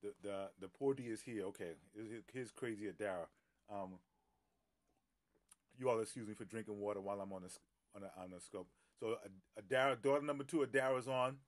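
Before launching into a Bible teaching, a middle-aged pastor chats on a phone live stream in a fairly low voice at a slightly fast pace. He welcomes viewers by name, laughs easily, and fills his speech with fillers.

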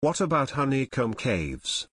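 A man's voice: mid-range voice, very animated, measured pace, a bit bright, breathy edge, dry recording, clean studio sound, heavily acted. A man voicing an eager, joking teenage boy detective in an audiobook. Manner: joshing, eager.

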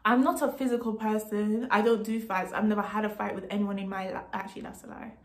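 A young woman vlogger telling a story to camera in a casual, indignant, animated way, swearing freely as she goes. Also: medium pitch, fast. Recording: roomy echo.

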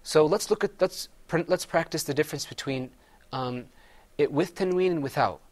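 A man's voice: on the high side, normal speed. A man teaching Quran recitation, patiently having his students repeat words after him. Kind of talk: classroom recitation lesson.

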